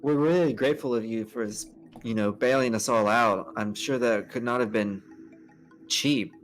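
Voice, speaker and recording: A man's voice: mid-range voice, moderate pace, soft background music. A man playing in character at a tabletop game, asking polite, earnest questions. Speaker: player.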